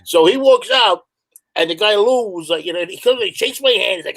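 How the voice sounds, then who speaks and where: A middle-aged hardcore musician with a New York accent chats as a guest, telling profane, rambling stories. His high-pitched voice is expressive, fairly quick and fairly bright, on a rough recording.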